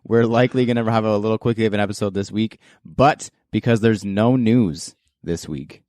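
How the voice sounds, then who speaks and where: A man's voice: fairly low pitch, moderate pace, a little mellow, no room sound, clean studio sound. A man hosting a casual podcast, chatty and laid-back, laughing often. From Canada. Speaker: podcast host.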